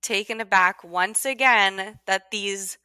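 A podcast co-host, a woman with a bright, clear voice and a wry, chatty way of talking. She leans on "like" constantly as she riffs. The sound is dry and close, with no room around it. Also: medium pitch, takes it slowly, no echo. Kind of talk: casual chat.

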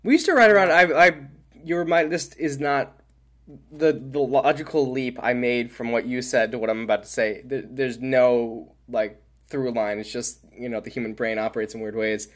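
A young man co-hosting a podcast, telling stories in an animated way and jumping between topics in casual chat. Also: medium pitch, moderate pace. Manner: animated storyteller, jumps topics. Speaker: podcast co-host.

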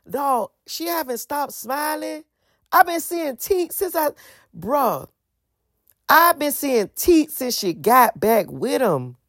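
Profane, animated young woman, dry sound. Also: on the high side, unhurried, creaky, no room sound. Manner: profane, animated, breaks into singing. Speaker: vlogger. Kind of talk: casual rambling commentary.

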